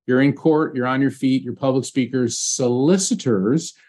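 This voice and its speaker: A man's voice: medium pitch, moderate pace, a little mellow. A man, a psychic medium being interviewed as a guest, telling a personal story in an earnest, heartfelt way.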